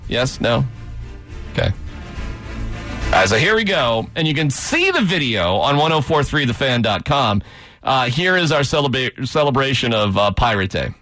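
Animated joking sports radio host, bright voice. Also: male voice, mid-range voice, soft background music. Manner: joking, animated, quick asides. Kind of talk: casual radio banter.

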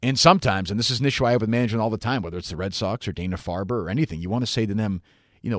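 A man's voice: on the low side, racing, no echo, studio quality. A man hosting a radio talk show, answering listener questions in a rambling, blunt and sometimes profane way. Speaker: radio host.

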